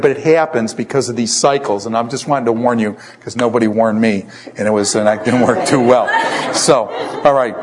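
A male preacher giving an animated, conversational sermon, asking the audience questions and joking about himself. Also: medium pitch. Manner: self-deprecating humor.

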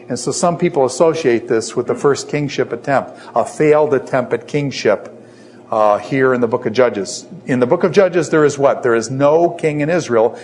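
A man's voice: medium pitch, a little mellow. A middle-aged man teaching a lecture on scripture, who poses questions and then answers them himself. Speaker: Bible teacher.

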